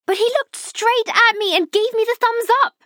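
Giddy small boy, very high and bright, done by a woman audiobook reader. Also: moderate pace, dry recording, studio quality. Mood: excited. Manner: squealing, breathless excitement. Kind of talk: audiobook narration.

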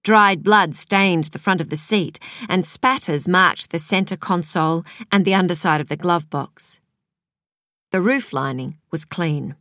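A woman reading a crime novel aloud as audiobook narrator, in a measured, even storytelling manner. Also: on the low side, no room sound, studio quality. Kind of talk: scripted narration.

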